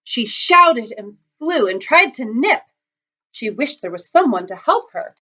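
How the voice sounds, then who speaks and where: Expressive woman reading a picture book. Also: a little high, unhurried. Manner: expressive, dramatic storybook reading. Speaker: children's storyteller. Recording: dull lo-fi recording.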